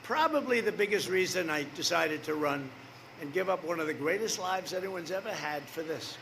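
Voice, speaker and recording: A man's voice: on the high side, animated, moderate pace, creaky, background noise. An older man in his seventies giving a rambling, boastful rally speech outdoors, with asides to the crowd. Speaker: political rally speaker.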